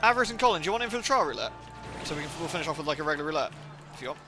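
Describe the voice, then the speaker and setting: Guy streaming a game, chatty and goofy, voice a bit high, music going behind him. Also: big pitch swings, racing. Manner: chatty, playful, reacts aloud to the game and thanks viewers. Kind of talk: casual live-stream chat.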